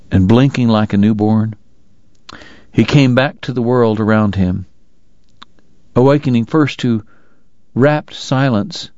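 A man reading an audiobook in a slow, measured, dramatic narration. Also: fairly low pitch, a little mellow, dry recording, dull audio. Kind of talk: scripted narration.

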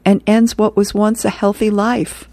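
A woman's voice: medium pitch, little pitch movement, a little slow, mellow, no room sound, pitched above the performer's own voice, natural voice. A woman reading aloud the lines of a cynical rat from a comic strip. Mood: sardonic.

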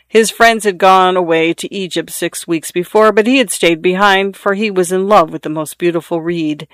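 A man reads a fairy tale aloud in a measured, expressive way. His voice sits high for a man. The recording is close and dry. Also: no room sound. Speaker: narrator. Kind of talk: storybook reading.

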